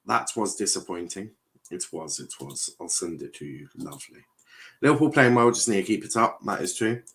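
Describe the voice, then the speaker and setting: A man's voice: lowish voice, sharp tone. A young man streaming a football watchalong, chatting casually, reading viewer comments aloud and repeating himself with lots of fillers. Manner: rambling, repeats phrases, many fillers.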